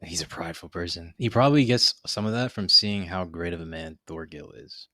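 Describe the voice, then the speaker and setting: A man with a very low voice, recorded dry and close, co-hosting a casual anime chat. He speaks in a measured way and stops to define terms for the listener. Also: fairly bright tone, dry recording. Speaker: podcast co-host.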